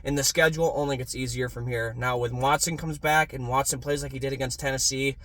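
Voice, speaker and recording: A young man ranting in a casual sports fan vlog, swearing freely and swinging from low muttering to loud yelling. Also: fairly even intonation, quick pace.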